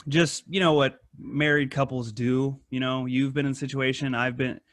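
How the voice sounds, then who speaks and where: A man hosting a casual podcast, rambling and swearing a lot, with animated retellings of stories. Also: medium pitch, moderate pace, no echo, studio quality. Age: adult with wife and kid. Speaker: podcast host. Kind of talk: casual profane chat.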